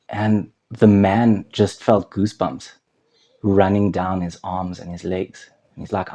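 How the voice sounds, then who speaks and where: A male counsellor with a fairly low, mellow voice talks straight to the viewer in a conversational way. He tells a story and keeps asking what you would do. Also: flat delivery, unhurried. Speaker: anger management counsellor. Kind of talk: direct-to-camera teaching talk.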